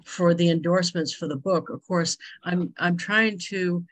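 A woman's voice: lowish voice, steady tone, moderate pace, poor audio. A woman hosting a casual video-call chat, bubbly, exclaiming and laughing often. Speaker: host.

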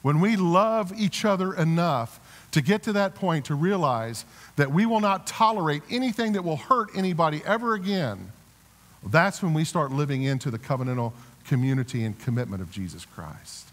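A man's voice: fairly high pitch, lively intonation, normal speed, fairly bright tone. A man preaching a sermon as a pastor, earnest, with repeated restarts, building to emphatic exhortations. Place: church sanctuary. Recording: reverberant church sanctuary.

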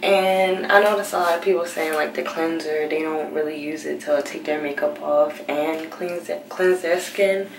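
A young woman vlogger talking casually at night in a hushed, half-whispered voice so she won't wake anyone, recording on a handheld phone in her bathroom. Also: low-pitched, steady tone, moderate pace, gravelly, hardly any pauses, noisy background. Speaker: beauty vlogger. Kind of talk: late-night casual vlog. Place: bathroom at home. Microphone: handheld phone camera. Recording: roomy, slightly distant phone audio.

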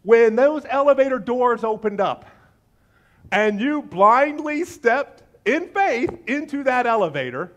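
Man, pastor, sermon, high voice, lively storytelling, playful quoted voices. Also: a little slow.

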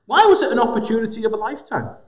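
A man preaching a sermon in a gospel hall, slow and emphatic with dramatic pauses. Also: very high-pitched, big pitch swings. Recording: echoey hall with long reverb.

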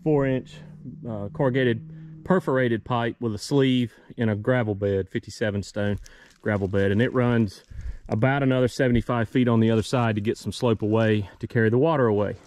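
A man talking casually through a farm vlog outdoors, relaxed and rambling with many fillers. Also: medium pitch, fairly quick, hardly any pauses. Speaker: farm vlogger.

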